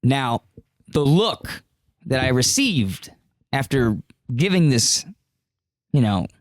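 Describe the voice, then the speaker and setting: Young man, casual storyteller, mid pitch, rambling and profane, dry close sound. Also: big pitch swings, slow pace, dry recording. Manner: rambling, profane, many fillers. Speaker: podcast guest.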